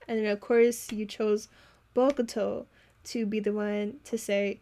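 A woman's voice: medium pitch, little pitch movement, unhurried, dark tone. A woman hosting a reaction video, chatting casually with giggly, enthusiastic commentary. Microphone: home recording setup.

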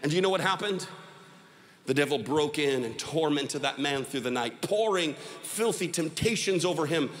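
A man's voice: fairly high pitch, animated, moderate pace, long reverb tail. A man preaching a sermon, telling a parable dramatically and teasing the audience to respond. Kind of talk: sermon storytelling.

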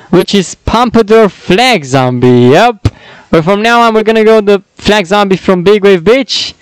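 A man's voice: high-pitched, animated, measured pace, clear, resonant tone, no room sound, poor audio. A man casually commenting and joking to himself while reading out fan-made dialogues. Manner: chatty, self-mocking, laughs between lines.

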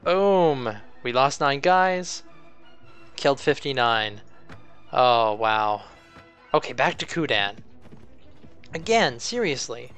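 A young man hosting a co-op game session, reacting excitably to the action and chatting casually. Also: mid-range voice, slow, long pauses, clean tone, soft background music. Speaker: gaming channel host. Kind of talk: casual gaming commentary.

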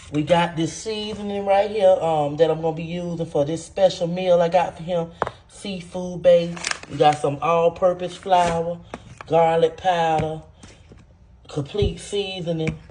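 Man playing a vengeful cheated-on wife, sassy comedy skit, calls viewers honey, warm voice, slightly high. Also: a little hiss or hum, lightly acted. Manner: sassy, talks straight to viewers with "y'all" and "honey". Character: scorned vengeful wife cooking for her cheating husband. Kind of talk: comedy skit cooking monologue.

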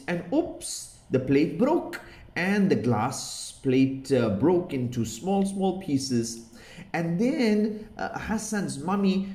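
Male children's storyteller, warm-toned, slightly high, roomy sound. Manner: gentle, asks the child questions, Islamic phrases. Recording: roomy echo.

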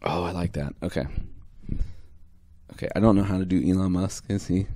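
A man's voice: low voice, a little fast, mellow, no echo. A man hosting an improv comedy podcast, talking in loose rambling bursts with frequent restarts. The studio sound is close and dry. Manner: rambling with restarts, laughs often. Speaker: podcast host. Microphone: studio microphone.

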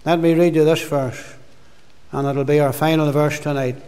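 Older lay preacher, fervent and emphatic, high voice, long hall reverb. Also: male voice, steady tone, normal speed. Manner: warm emphatic preaching, rising to fervent exclamations and dropping to soft endings. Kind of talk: sermon. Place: gospel hall.

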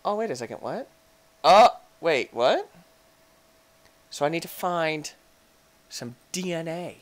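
A man giving excitable let's-play commentary as he reviews a game mod, playfully talking to game objects and breaking into sudden jokey shouts. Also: fairly high pitch, measured pace, pauses often.

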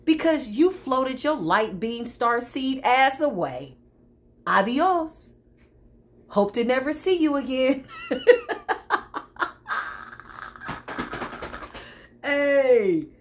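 A woman's voice: on the high side, lively intonation, slow pace. A woman giving a tarot reading to her viewers, sassy and preachy, with frequent laughs and asides. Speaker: tarot reader. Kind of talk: spiritual tarot reading monologue.

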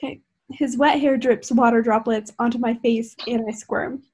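A woman's voice: a little high, steady tone, moderate pace, noisy background. A woman reading a novel aloud over a video call, trying not to giggle. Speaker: reader in a group reading.

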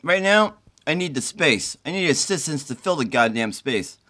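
Middle-aged man, flu-tired, agitated and profane, pitched a touch high, pleading to camera. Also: lively intonation, moderate pace, pushed and bright. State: sick with the flu, congested and tired. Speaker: self-recording video poster. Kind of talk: rambling direct-to-camera plea. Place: indoors at his mother's home.

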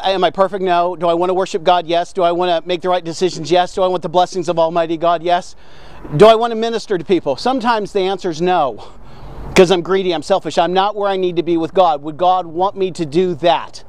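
Male devotional host, very high voice, passionate preachy delivery that swells into shouting. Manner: fervent, preachy, asks and answers his own questions. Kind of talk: energetic video devotional sermon.

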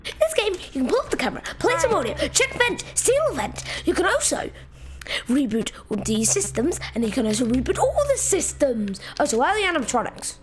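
A woman doing let's-play game commentary in an excitable, loud way, jumping between shouting and muttering. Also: sits high, brisk. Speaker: gamer.

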